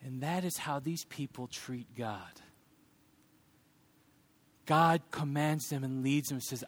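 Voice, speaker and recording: Speaking at normal speed, a thirty-something pastor delivers a sermon in a lively, fairly high voice. Humor and sincere teaching mix in his delivery, and he shifts his voice to act out short quotes.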